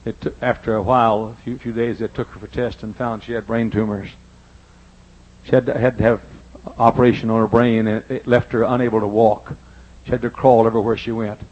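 An older man preaching a sermon in church, telling personal stories and swinging between loud emphasis and hushed asides. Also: fairly low pitch, little pitch movement, a little fast, lo-fi sound. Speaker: pastor. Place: church sanctuary.

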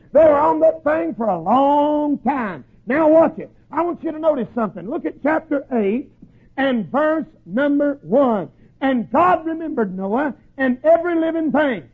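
A man preaching a sermon in a folksy storytelling way, acting out voices and shouting at the peaks. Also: very high-pitched, expressive, normal speed. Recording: tinny phone-like lo-fi recording.

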